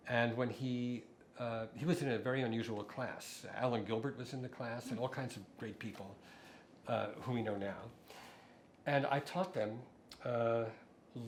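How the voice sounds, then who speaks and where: A middle-aged man, a composer guest, telling stories in a relaxed interview, with frequent fillers and restarts. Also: lowish voice, a little hiss or hum. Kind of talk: conversational interview.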